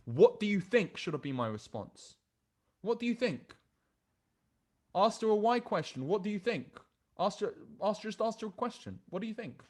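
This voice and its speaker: A British man giving a recorded dating-coaching lesson, emphatic and repetitive as he hammers each point home. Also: high-pitched. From Britain. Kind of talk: recorded coaching lesson reviewing chat messages.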